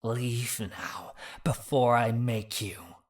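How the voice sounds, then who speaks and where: A man voicing a menacing male beast familiar who speaks in a low, threatening growl in an audiobook. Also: unhurried, bright, forceful tone.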